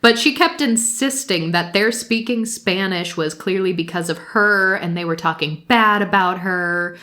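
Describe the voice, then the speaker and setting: A woman's voice: on the low side, a little slow, pushed and bright. A woman co-hosting a podcast, casually recapping reality shows, laughing often and swearing freely. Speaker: podcast co-host.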